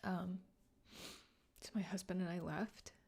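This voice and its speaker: A woman podcast host telling a personal story in a soft, halting, tearful way, often dropping to a whisper. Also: lowish voice, steady tone, vocal fry, slightly rough. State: emotional, near tears. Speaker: podcast host and grief coach. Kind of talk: personal solo podcast monologue.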